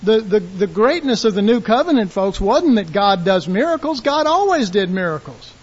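A man preaching a sermon in a folksy, animated way, acting out quotes and shouting call-and-response lines. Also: sits high, normal speed, husky, muffled recording.

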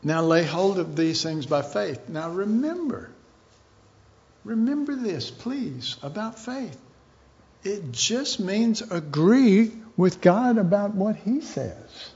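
A man's voice: high voice, expressive, slow, gravelly, darkish tone, muffled recording. A man preaching an informal sermon in a rambling, folksy way, chuckling now and then.

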